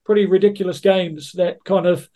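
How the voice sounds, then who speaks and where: A man with a high-pitched but dark, mellow voice. He tells anecdotes in a casual, blunt way, with plenty of swearing and "mate" thrown in. He sounds like a rugby coach chatting as a guest on a podcast. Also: fairly even intonation, normal speed.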